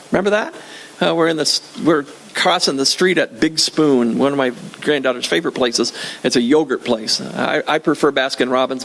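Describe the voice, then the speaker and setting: A man's voice: sits high, a bit bright. An older man preaching a sermon in a church, conversational and joking, often repeating his phrases. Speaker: pastor.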